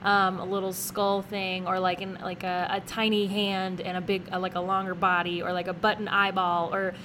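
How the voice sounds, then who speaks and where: A woman's voice: medium pitch, little pitch movement, normal speed, noisy background. A woman in casual chat, agreeing often and searching for words as she compares artists. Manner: agreeable, frequent backchannel replies. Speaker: co-host.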